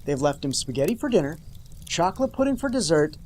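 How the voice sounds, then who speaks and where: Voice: mid-range voice, big pitch swings, fast, a little mellow, slight background noise. A show host giving a comedic, sarcastic recap of a TV episode, with mock-dramatic outbursts and jokey asides to the viewers.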